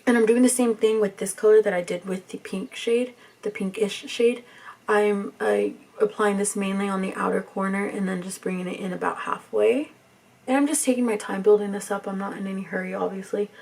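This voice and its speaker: A young woman, talking softly through a makeup tutorial in a rambling, near-whispered way. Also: mid-range voice, fairly even intonation, fairly quick, vocal fry, recorded from a distance. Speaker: beauty vlogger.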